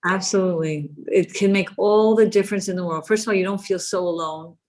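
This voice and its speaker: Low-voiced woman host, affirming. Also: fairly even intonation, fairly quick, a little mellow. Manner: agreeing, affirming. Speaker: podcast host. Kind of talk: casual interview chat.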